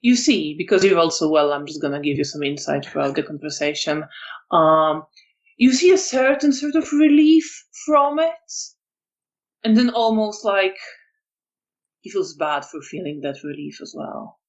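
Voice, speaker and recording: A storyteller narrating a tabletop vampire game in a hesitant, softly descriptive way. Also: mid-range voice, sing-song, normal speed, highs cut off.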